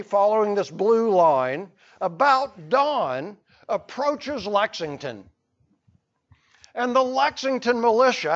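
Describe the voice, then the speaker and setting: Slow, animated male history teacher. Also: sits high, lo-fi sound. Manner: storytelling with playful asides. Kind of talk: classroom lecture.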